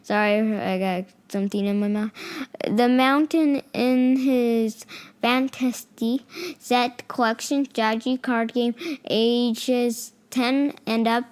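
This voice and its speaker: A woman's voice: fairly high pitch, steady tone, slow pace, a little mellow, clean tone. A woman co-hosting a casual game podcast, reading game descriptions aloud, stumbling over names and teasing her co-host.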